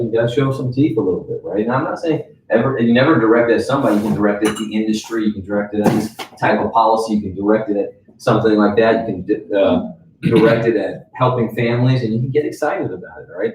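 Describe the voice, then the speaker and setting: A man's voice: fairly low pitch, a little mellow, recorded from a distance, slight background noise. Male trainer, conversational lecture, roomy echo, a bit off-mic. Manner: conversational, checks in with "right?" and "okay?". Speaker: sales trainer.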